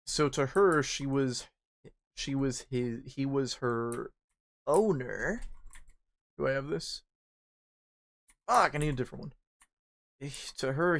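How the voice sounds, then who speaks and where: A young man streaming a game, rambling through a personal story in casual chat, swearing freely and jumping into high squeaky bursts when he acts out panic. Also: gravelly. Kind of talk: casual storytelling while gaming.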